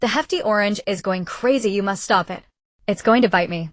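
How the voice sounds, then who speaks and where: A woman's voice: medium pitch, brisk, dry recording, natural voice. A woman voicing a reckless young woman who pleads and makes excuses to her best friend, in an audiobook. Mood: pleading.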